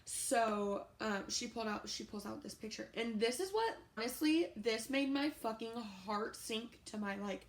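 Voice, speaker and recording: A young woman in her twenties rambles through a storytime vlog. She is loud with profanity and full of fillers. Her voice sits a little high. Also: lively intonation, normal speed, few pauses. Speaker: YouTuber.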